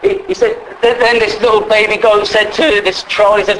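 High-voiced man telling a sermon story. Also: animated, a little fast, few pauses, a bit bright, a little hiss or hum, poor audio. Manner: conversational, repeats words, asks listeners questions.

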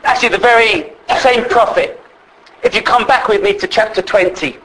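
A man preaching a sermon with passion, addressing the congregation as brethren and rising to shouts. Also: sits high, normal speed, rough recording. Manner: impassioned, rises to shouts.

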